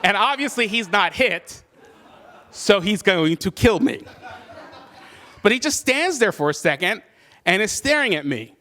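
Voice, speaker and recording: A man's voice: sits high, big pitch swings, unhurried, pauses often, sharp tone. A man telling a personal story live, conversational and self-deprecating, with many fillers. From California.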